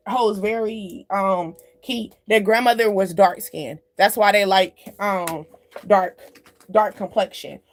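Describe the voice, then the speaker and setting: A tarot card reader speaks straight to camera in a medium-pitched voice, with slight background noise. Her spiritual card reading is chatty and loose, full of side remarks to the viewer, and she drifts off topic and laughs at herself.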